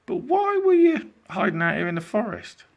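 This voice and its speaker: A man's voice: sits high, wildly swooping pitch, normal speed, vocal fry, dull audio, voice pushed up, heavily acted. A man voicing an earnest, hopeful little boy in an eager voice.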